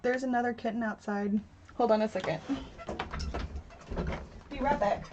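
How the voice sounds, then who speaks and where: A woman's voice: fairly high pitch, steady tone, normal speed, a little mellow, a little hiss or hum. A woman in her thirties hosting a casual craft livestream from home, chatting and laughing with viewers and reading their comments aloud. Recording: dull lo-fi stream audio.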